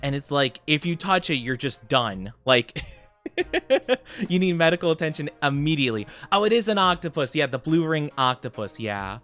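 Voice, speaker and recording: Lively, bright-toned young man streamer. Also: a little high, moderate pace, faint music behind. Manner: rambling, chatty, frequent laughs and "like" fillers; excitable, gasping greetings to viewers. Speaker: VTuber streamer reading chat. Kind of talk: casual livestream chat while gaming.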